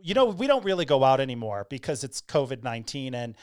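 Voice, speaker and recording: A woman's voice: very deep voice, big pitch swings, fast, no echo, studio quality. A woman hosting a podcast, chatting loosely, laughing often and swearing freely. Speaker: podcast host. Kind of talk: casual chat.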